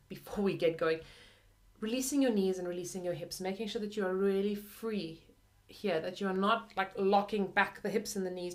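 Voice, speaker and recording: A young adult woman teaching flute in a friendly, chatty way, often using "like" and "kind of". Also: mid-range voice. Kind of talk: video lesson.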